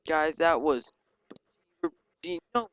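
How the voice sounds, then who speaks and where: A gaming channel host giving excitable live commentary while playing, yelping and joking at enemies. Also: medium pitch, slow pace, clean tone, no echo, dull audio. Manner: excitable, yelps and jokes at enemies. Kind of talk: live let's-play commentary.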